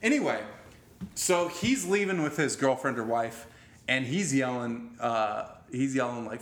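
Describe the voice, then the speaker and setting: A man in the middle of his range, spinning a long casual story and swearing freely as he goes. He tumbles through restarts and asides in a relaxed, animated way. His voice rings with the echo of a roomy space. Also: mid-range voice, a little slow.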